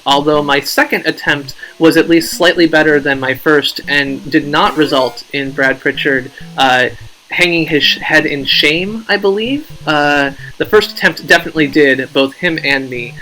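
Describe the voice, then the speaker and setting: A man's voice: a little high, sharp tone, low-quality recording. A man hosting a casual game live stream, rambling, joking at his own expense and reading out viewer names.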